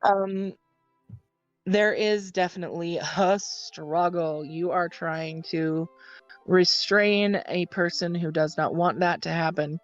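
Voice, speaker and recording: A woman with a fairly low voice running a tabletop game, laying out scenes and rules in a measured way with many ums. The recording is dull and dry. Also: fairly even intonation, dry recording, soft background music. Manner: measured, explanatory, frequent ums. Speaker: game master.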